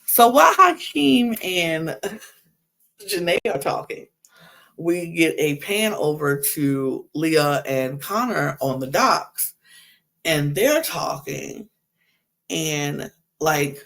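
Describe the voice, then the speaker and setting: A woman hosting a podcast, recapping a reality show in an animated, exasperated rant full of asides. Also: deep voice, slow pace, vocal fry. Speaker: podcast host.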